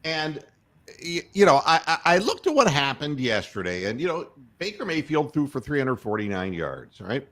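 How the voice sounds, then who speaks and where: A man's voice: a little high, sing-song, moderate pace, a bit bright. A man hosting a podcast, ranting sarcastically and swearing freely. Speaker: podcast host. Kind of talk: profane rant.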